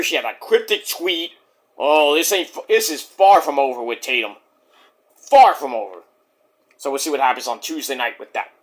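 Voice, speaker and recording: A man in his forties giving a casual, rambling, profane review, now and then mimicking others in quick put-on voices. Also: high-pitched, fairly bright tone. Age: 40s. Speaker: wrestling show reviewer.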